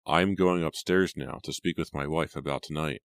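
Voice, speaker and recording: A man's voice: a bass voice, fairly quick, dry recording. A man narrating an audiobook voices a wealthy father and husband who speaks formally and with command. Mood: stern.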